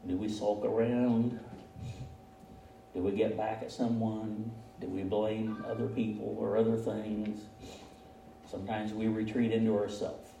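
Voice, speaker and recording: Captured from a distance in a reverberant church hall, a pastor preaches a conversational sermon with a mellow, lowish voice and some vocal fry. He keeps the tone folksy and often chuckles at his own remarks, with slight background noise in the audio.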